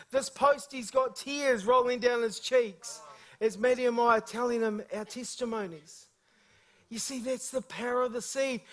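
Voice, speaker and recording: A man preaching a sermon as a guest speaker, telling funny stories with lively energy. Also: extremely high pitch. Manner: storytelling, humorous and energetic.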